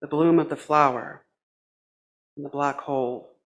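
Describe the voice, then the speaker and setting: Reflective male minister, slightly high voice. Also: steady tone, fairly bright tone, muffled recording. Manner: measured, reflective delivery in short phrases. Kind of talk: sermon.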